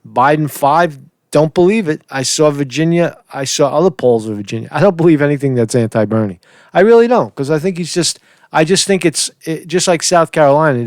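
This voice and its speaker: A man's voice: medium pitch, no echo, clean studio sound. A man giving casual political commentary, rambling and opinionated, who often repeats words and restarts sentences.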